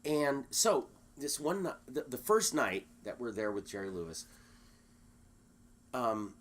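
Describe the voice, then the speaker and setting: A man being interviewed, telling a story in a lively, animated way and acting out the quotes. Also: mid-range voice, measured pace. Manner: animated storyteller, acts out quotes, many restarts. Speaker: guest.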